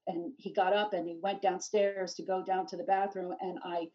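A middle-aged woman telling her story in an interview, animated and rambling, full of restarts and "you know.". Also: lowish voice, normal speed. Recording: distant dull lo-fi mic.

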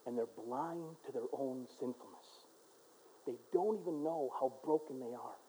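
An American man preaching a sermon as pastor, earnest, moving from loud urgent stretches to quiet low ones, mimicking people in asides. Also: unhurried, a little hiss or hum. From United States. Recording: dull lo-fi recording.

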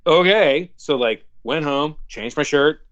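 A young man, an actor, telling anecdotes in a casual, animated way full of fillers. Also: mid-range voice, fairly quick, dry recording, lo-fi sound. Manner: animated, filler-heavy storytelling. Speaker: actor guest.

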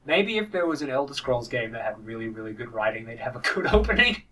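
A man chatting casually about video games, rambling and animated, with quick impressions. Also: mid-range voice, distant mic, rough recording. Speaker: podcast co-host.

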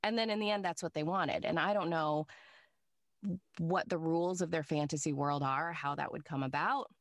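A chatty woman guest talks about her voice acting work in an easy, storytelling way, laughing often between thoughts. Her voice sits on the lower side for a woman. The recording is dry and close, with no room sound. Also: normal speed, no echo. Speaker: guest voice actor. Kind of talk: casual interview chat.

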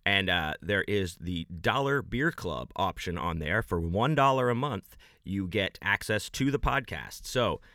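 A man hosting a podcast, rambling through enthusiastic shout-outs in a loose, friendly way. His voice sits fairly low yet sounds bright and forceful. The sound is dry and close, with no room around it. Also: animated, unhurried, dry recording. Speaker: podcast host.

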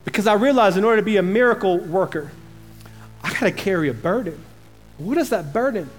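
A man pastor preaching a passionate sermon, rising to loud emphasis and dropping to slow, quiet lines. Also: high-pitched, expressive, faint music behind.

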